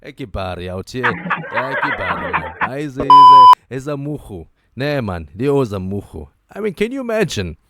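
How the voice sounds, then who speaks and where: A man hosting a talk show, giving joking, animated commentary and repeating his phrases for emphasis. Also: medium pitch, fairly quick, few pauses. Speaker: host. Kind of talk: casual commentary monologue.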